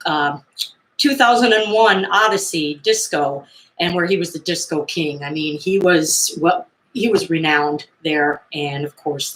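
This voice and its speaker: A woman's voice: fairly low pitch, fairly bright tone. A woman vlogger casually retelling stories in a chatty, digressive way with frequent fillers and asides. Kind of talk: casual retelling of 1970s pop culture. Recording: roomy echo.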